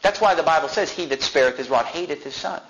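Male preacher, higher bright voice, slow verse reading, emphatic commentary. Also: muffled recording, slight background noise. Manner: reads scripture slowly, then explains it emphatically. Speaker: pastor. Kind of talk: sermon.

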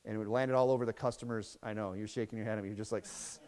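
A man preaching a sermon in a relaxed, conversational way, with casual asides and tag questions between passages of scripture read aloud. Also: fairly low pitch, very fast, long reverb tail. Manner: reads scripture aloud in King James wording. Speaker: pastor.

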